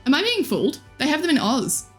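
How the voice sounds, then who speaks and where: A woman's voice: high-pitched, sing-song, a little fast, soft background music. A young woman in her twenties, live streaming and chatting casually with viewers in a bubbly, giggly, teasing way. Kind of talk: casual chat reading viewer comments.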